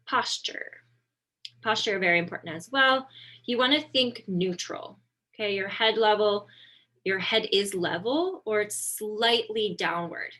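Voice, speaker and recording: Lowish-voiced woman therapist talking through slides, laid-back, lots of ums. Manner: relaxed and conversational, with frequent ums and self-corrections. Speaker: occupational therapist presenting a webinar. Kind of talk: informal instructional talk over slides.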